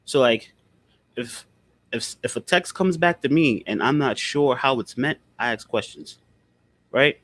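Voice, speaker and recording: A man's voice: medium pitch, measured pace, fairly bright tone, dry recording. A man in casual conversation, blunt and profane, who repeats his points for emphasis. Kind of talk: casual chat.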